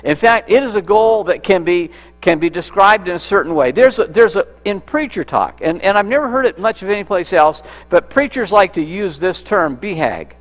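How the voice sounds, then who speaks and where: Male pastor, chatty sermon delivery, a touch high-pitched, reverberant hall recording. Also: expressive, moderate pace, hardly any pauses. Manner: conversational, repeats words and restarts, asks the congregation questions. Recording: echoey hall with mains hum.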